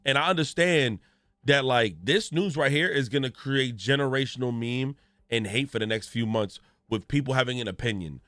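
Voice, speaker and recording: A man's voice: mid-range voice, normal speed, fairly bright tone, no room sound, faint music behind. A man, a gaming streamer, giving ranting news commentary in a profane, storytelling way with exaggerated reactions.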